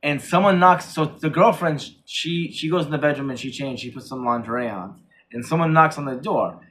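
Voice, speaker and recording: A man with a slightly high, fairly bright voice talks a little fast while co-hosting a podcast. In a casual horror movie review, he rambles through retellings of scenes and acts out the characters' lines.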